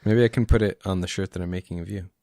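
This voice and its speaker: Low-voiced, easygoing male co-host, slightly tipsy, dry sound. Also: fairly even intonation, very fast, mellow, no echo. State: tipsy from drinking. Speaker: podcast co-host. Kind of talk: casual chat.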